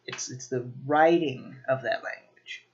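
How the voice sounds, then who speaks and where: Slow, relaxed man teaching vocabulary. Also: mid-range voice, lo-fi sound. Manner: relaxed, lots of ums and restarts. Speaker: language teacher. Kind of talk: casual video lesson.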